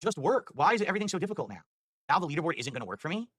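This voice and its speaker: Fast-talking exasperated male streamer. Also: fairly high pitch, sing-song, a bit bright, no room sound. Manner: exasperated, swearing, rambling. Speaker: livestreamer. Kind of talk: live stream chatter.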